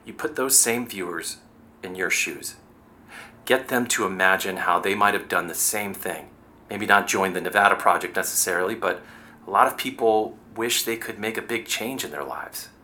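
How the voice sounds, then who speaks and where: An actor playing a brisk, persuasive political adviser in an audio drama. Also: male voice, on the low side, bright, forceful tone. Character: smooth political PR adviser man.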